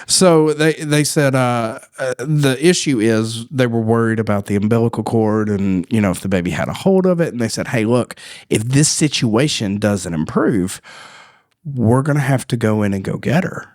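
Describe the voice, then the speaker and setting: Male podcast co-host, animated storyteller, dry close sound. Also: medium pitch, normal speed, no echo. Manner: animated storyteller, laughs often. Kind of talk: casual storytelling chat.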